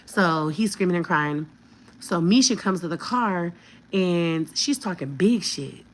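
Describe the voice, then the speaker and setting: A woman's voice: fairly low pitch, expressive, unhurried, a little hiss or hum. A woman in her fifties telling a heated story to her viewers, blunt and profane. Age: 50s. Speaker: vlogger.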